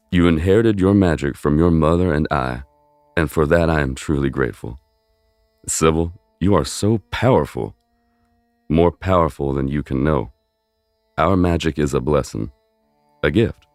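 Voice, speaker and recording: A man playing a loving middle-aged wizard father who speaks earnestly and gently. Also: extremely low pitch, no room sound, studio quality, full character voice.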